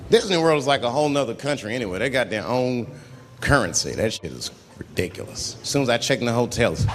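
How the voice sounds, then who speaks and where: A man doing a stand-up comedy routine, swinging between loud outbursts and muttered asides as he acts out characters. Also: medium pitch, sing-song, fast talker. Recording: live hall reverb with audience noise.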